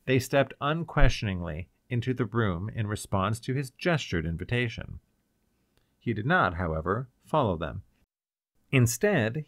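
A man narrating an audiobook in a steady storytelling voice with a lively melody. The sound is close and dry, with no room around it. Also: fairly low pitch, no room sound.

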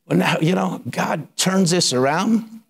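A man's voice: sits high, slow pace, gravelly, slightly rough. A middle-aged man pastor telling his personal story in a sermon, colloquial and building to emphatic preaching.

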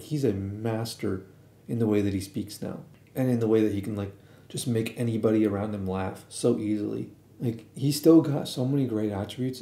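A man in a relaxed, rambling commentary monologue, circling back and restarting his sentences as he goes. His voice is mid-pitched and deeply mellow and dark. The recording carries a noticeable room echo. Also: gravelly. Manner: rambling, filler-heavy, with frequent restarts; laid-back, shrugs things off. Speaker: streamer commentating on a streamer.

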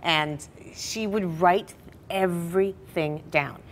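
A middle-aged woman telling family stories in a television interview, animated and laughing now and then. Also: fairly low pitch, takes it slowly, a little hiss or hum. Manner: animated storyteller, laughs through her stories. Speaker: interview guest. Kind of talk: personal storytelling in a TV interview.

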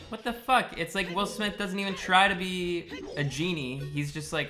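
A man's voice: sits high, fairly even intonation, normal speed, hardly any pauses, bright, forceful tone. Sarcastic young man streaming a game. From United States. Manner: swearing, sarcastic, chatting with viewers. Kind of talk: casual live-stream commentary. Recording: game music playing behind. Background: game music.

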